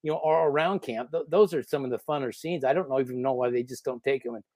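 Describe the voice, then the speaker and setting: A man guest on a podcast, telling rambling, animated stories in a casual interview. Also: mid-range voice, fast, dry recording. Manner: animated, rambling anecdotes with lots of fillers. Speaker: podcast guest, former reality show contestant.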